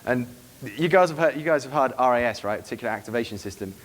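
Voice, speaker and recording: A man giving a seminar to a live room, brisk and profane, acting out club scenes as he goes. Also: medium pitch, expressive. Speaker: dating coach giving a seminar. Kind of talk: live seminar talk to an audience.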